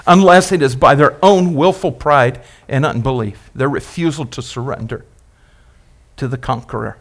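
A male pastor preaching a sermon, emphatic and repetitive, asking the congregation questions and building phrases up, then dropping them low. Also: expressive, normal speed. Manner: repeats and builds phrases, rising and dropping loudness.

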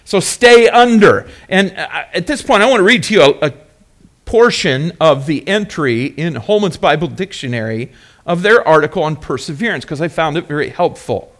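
A man's voice: a little high, expressive, moderate pace, fairly bright tone. A man preaching a sermon as pastor, earnestly reviewing points and then emphatically teaching a word, repeating key terms.

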